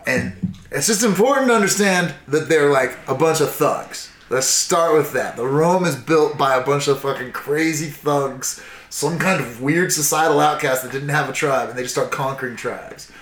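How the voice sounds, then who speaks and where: A man's voice: on the high side, moderate pace, fairly bright tone, echoey room. A tipsy man telling history in a profane, rambling, casual way, acting out little voices as he goes. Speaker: storyteller in casual chat. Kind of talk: casual drunken history chat.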